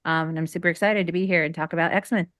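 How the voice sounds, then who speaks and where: A woman's voice: fairly low pitch, steady tone, fast talker, a bit bright, no room sound, studio quality. A woman joining a panel over a video call, chatty and bubbly, with many fillers. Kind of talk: casual chat on a video call.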